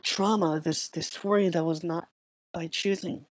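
A woman hosting a podcast, speaking in a soft, halting, reflective personal monologue with frequent pauses and fillers. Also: fairly low pitch, fairly even intonation, no echo. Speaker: podcast host.

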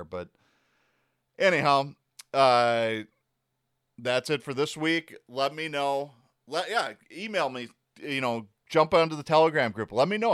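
A male podcast host in a sarcastic, fired-up rant, heavy on swearing and mocking asides. His voice sits at an ordinary middle pitch. The recording is dry and close, with no room sound. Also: a bit bright, no echo. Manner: profane, sarcastic, worked-up. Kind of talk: casual ranting commentary.

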